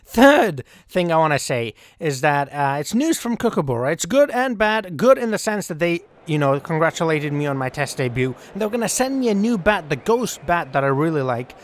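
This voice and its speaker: A man's voice: on the high side, sing-song, moderate pace, few pauses, no echo. A young man casually commenting while playing a cricket video game, rambling and swearing offhandedly. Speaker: gaming channel host.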